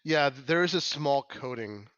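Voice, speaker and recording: A man's voice: medium pitch, lively intonation, a bit bright, smooth, dry recording, highs cut off. A man narrating a tabletop role-playing game as game master, often restarting and correcting himself as he describes scenes. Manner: halting, restarts and self-corrections.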